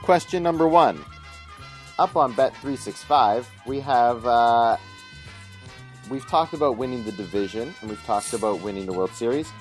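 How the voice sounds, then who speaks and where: A man's voice: mid-range voice, expressive, moderate pace, soft background music. A young man co-hosting a sports podcast, asking questions in casual banter and laughing easily.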